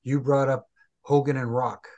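A man from Toronto, co-hosting a podcast and telling relaxed anecdotes with easy laughter. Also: medium pitch, moderate pace, highs cut off. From Toronto, Canada. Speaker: retired referee, podcast co-host. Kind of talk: casual chat.

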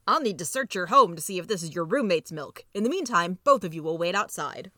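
A woman's voice: lowish voice, expressive, a little fast, bright, forceful tone, dry recording, studio quality. A woman reading the part of a stern male police officer, firm and official in a storybook reading.

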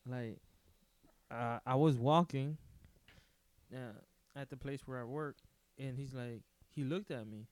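A man's voice: medium pitch, a little slow, long pauses, dry recording. A man, co-hosting a podcast, telling a story casually with swearing and laughter. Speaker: podcast co-host. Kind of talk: casual chat.

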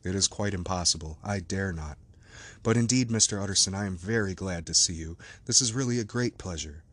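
A man's voice: low voice, a little fast, a bit bright, breathy edge, no echo. A man voicing a reclusive, despairing male doctor in a storybook reading, speaking drearily with sighs. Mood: weary. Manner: dreary, sighing.

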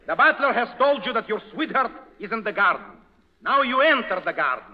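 A man's voice: extremely high pitch, lively intonation, fairly quick. Blunt, bossy Russian-accented man. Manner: blunt, bossy, mangles words. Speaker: film director character. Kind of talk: 1930s radio comedy. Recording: muffled old radio broadcast with long reverb.

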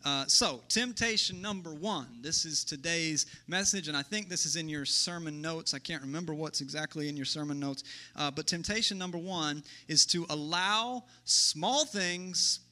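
A man preaching a sermon as pastor in a relaxed, conversational way, thinking aloud and asking rhetorical questions. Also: a little high, moderate pace.

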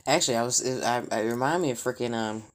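A woman talking frankly in a casual monologue, rambling and profane, with blunt asides and bursts of mimicry. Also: quick pace. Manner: mimics sounds with shrill outbursts. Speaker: vlogger.

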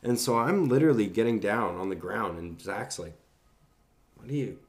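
Deep-voiced man telling a rambling story. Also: lively intonation, a little fast. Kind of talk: casual anecdote.

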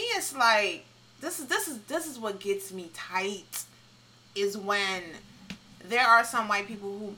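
A woman co-hosting a podcast, blunt and animated in casual chat, with frequent laughs. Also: mid-range voice, poor audio. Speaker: podcast co-host.

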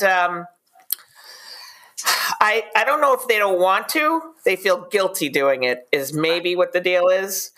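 A woman guest in an interview, a PR expert telling animated anecdotes in a blunt, straightforward way. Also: mid-range voice. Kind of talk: casual interview storytelling.

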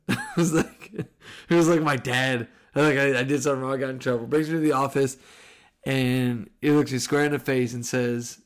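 A man in his thirties tells a story on his podcast, loose and profane, with a mid-range voice. He is lively and drops swears freely, and he acts out what people said in the story. He sounds like he is chatting with friends. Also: medium pitch, moderate pace. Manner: animated, profane storytelling with acted quotes. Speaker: podcast host. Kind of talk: casual storytelling.

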